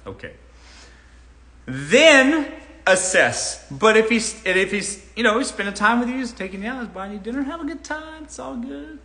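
A man's voice: very high voice, very animated, normal speed, sharp tone. A man from Los Angeles hosting a live Q&A on dating, giving advice bluntly and with plenty of profanity. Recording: roomy echo.

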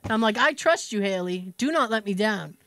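A woman's voice: mid-range voice, expressive, a little fast, a bit bright, no echo. An American woman co-hosting a podcast, telling a story in a casual chat and acting out both sides of a phone call. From United States. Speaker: podcast co-host.

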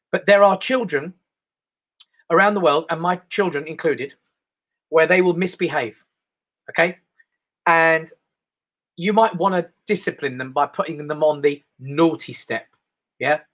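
A man's voice: fairly high pitch, fairly bright tone. A middle-aged man with an English accent doing casual, rambling live stand-up comedy to an online audience. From England. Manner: chatty, rambling, mimics voices.

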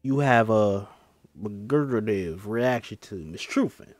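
A man's voice: fairly low pitch, expressive, unhurried, dry recording. A man voicing a courtly, probing male detective in a screenplay table read, drifting in and out of a put-on accent.

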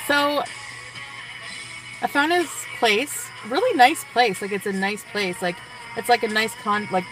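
A woman's voice: a little high, measured pace, distant mic, poor audio. A young woman vlogger chatting to her viewers, giddy and gushing, full of likes and sighs. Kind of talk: casual chat to viewers. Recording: music in the background. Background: music playing.

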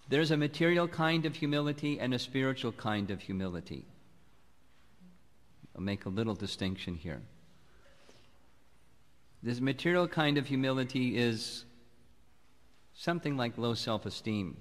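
A man giving a sermon as a spiritual teacher, speaking in a calm, measured, reflective way. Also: medium pitch. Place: temple hall. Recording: long hall reverb.

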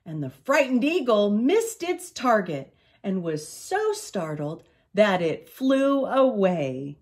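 Older woman reading a children's story. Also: mid-range voice. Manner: expressive, slow read-aloud.

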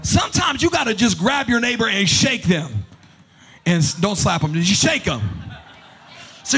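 A man preaching a sermon to his congregation, with animated preaching that shouts and chants its refrains. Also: high voice, moderate pace, pauses often, soft background music. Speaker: pastor. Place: church sanctuary.

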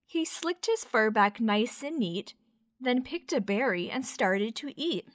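Woman storyteller for a kids' read-aloud: gentle, lively pitch, slow, unhurried delivery, dry close sound. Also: no echo. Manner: gentle, expressive, explains words to children. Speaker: teacher, storyteller.

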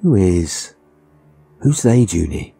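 A man's voice: sits low, very animated, slow, gravelly, mellow, breathy edge, soft background music, exaggerated voice. A man voicing a kind young male care assistant who talks in a friendly, reassuring way, for a ghost story audiobook. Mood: concerned.

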